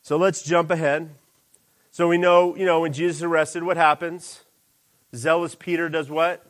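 A man preaching a sermon in a lively, animated way, jumping into character voices for quoted lines. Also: normal speed. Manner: animated, acts out quoted lines with big pitch jumps.

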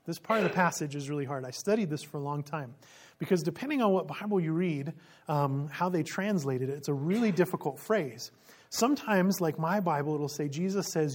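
Walking through scripture in an expository sermon, this preacher keeps things animated, questioning the audience and occasionally laughing. The voice is mid-range and a little fast.

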